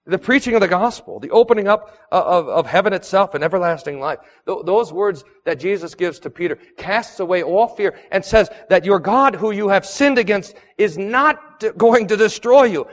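A male pastor preaching a sermon in a church, earnest and emphatic, swinging between strong declarations and soft, quiet lines. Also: high-pitched, big-room sound. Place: church sanctuary.

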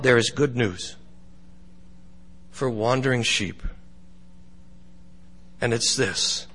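A man pastor giving a sermon, speaking slowly and deliberately with pauses, in a church. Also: mid-range voice, sharp tone, breathy edge, in a large hall. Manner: slow, deliberate, with pauses and dramatic storytelling.

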